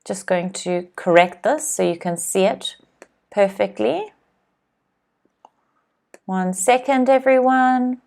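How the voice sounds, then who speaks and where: Casting: woman, English teacher, unhurried, careful delivery, drills vocabulary for viewers to repeat on a live stream. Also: medium pitch, a little mellow. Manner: slow, clear teacher's voice, drills words for repeating. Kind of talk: live online English lesson.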